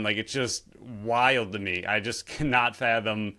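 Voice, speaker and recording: A man's voice: fairly low pitch, a little slow, bright, forceful tone. A young man co-hosting a casual sports podcast, agreeing readily and riffing with incredulous asides. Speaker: podcast co-host.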